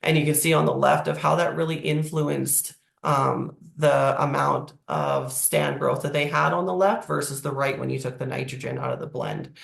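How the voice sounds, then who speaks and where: A presenter with a croaky, hoarse voice from a cold, explaining slides in a webinar over a video call. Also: mid-range voice, lively intonation, moderate pace, hardly any pauses, fairly bright tone. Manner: explanatory, walking through slides. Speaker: agricultural presenter. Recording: echoey room.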